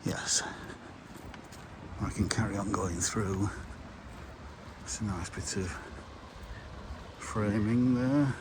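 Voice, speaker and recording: A man vlogging on a riverside countryside walk, thinking aloud and muttering to himself with pauses, a little out of breath. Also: on the low side. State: slightly out of breath from walking. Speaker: walking vlogger. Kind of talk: casual walking commentary. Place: outdoors on a riverside countryside path. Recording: outdoor noise and passing vehicles.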